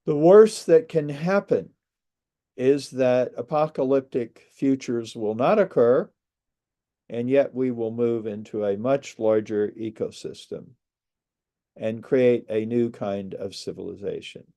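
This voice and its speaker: Male speaker, mellow low-key tone, unhurried and earnest, reflective presentation talk. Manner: measured, earnest, with pauses. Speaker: speaker on space migration. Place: lives outside a large US city.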